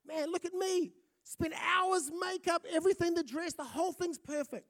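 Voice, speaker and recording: Man putting on a high-pitched indignant bride, incredulous, scolding the groom. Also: moderate pace, a bit bright. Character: exasperated young bride on her wedding day.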